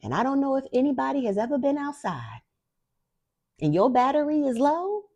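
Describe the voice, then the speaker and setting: A woman's voice: high-pitched, very animated, normal speed, a little mellow, dry recording. A young woman hosting a spiritual talk, speaking casually to viewers with blunt, profane emphasis. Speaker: spiritual guide and host. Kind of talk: casual direct-to-camera talk.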